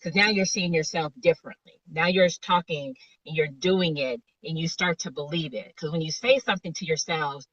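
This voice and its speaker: A woman's voice: sits low, normal speed, few pauses, a bit bright, husky, no room sound, far from the mic, muffled recording. A woman life coach, a guest in an interview, explaining motivational ideas with a string of rhetorical questions over remote call audio.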